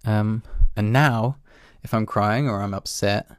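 A man's voice: on the low side, fairly even intonation, a little slow, clean tone, no echo, clean studio sound. A man talking in a casual, reflective monologue, candid and self-deprecating, swearing now and then and laughing at himself.

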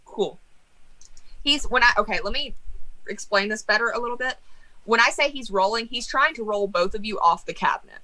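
Woman, game master, tabletop game narration, bright tone, animated, casual swearing. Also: fairly high pitch, fairly quick, poor audio.

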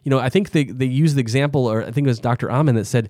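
Talking very fast in a mid-range, darkish voice, a podcast host from the American Midwest keeps his interview casual. The recording is studio quality and echo-free, and his thinking-aloud comes out in long, rambling sentences full of restarts.

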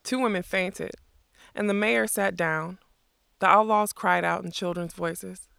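A narrator reading a fantasy story aloud in a steady, measured way. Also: mid-range voice, vocal fry, clear, resonant tone, dry recording, studio quality. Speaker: audiobook narrator.

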